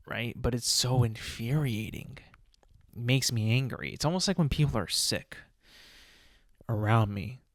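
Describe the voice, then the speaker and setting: Young male podcast host, mid-pitched, exasperated rant style, dry close-miked sound. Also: no echo. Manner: exasperated ranting, many fillers and rhetorical questions.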